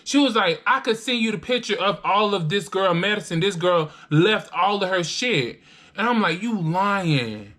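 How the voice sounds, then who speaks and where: Eating as she talks, a young adult woman tells a casual storytime for her vlog in a mid-range voice at a normal pace. She's lively, performs the voices of the people she quotes and doesn't hold back on swearing.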